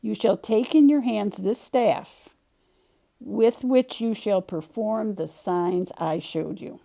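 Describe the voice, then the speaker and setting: A woman reading the lines of God, a solemn male deity, in a measured scripture-reading way. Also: medium pitch, vocal fry, dark tone.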